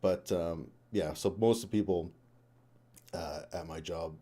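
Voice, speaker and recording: A young man with a low, mellow voice chats loosely on a live stream. He rambles, swears freely and laughs between thoughts. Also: a little slow. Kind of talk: casual live-stream chat. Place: home room.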